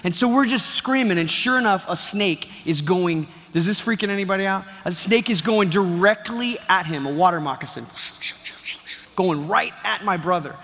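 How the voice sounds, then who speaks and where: A man's voice: high-pitched, moderate pace. A man from Texas, telling a chatty story to a live conference audience and quizzing the crowd as he goes. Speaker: conference speaker. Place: large conference hall. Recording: dull sound, reverb of a big hall.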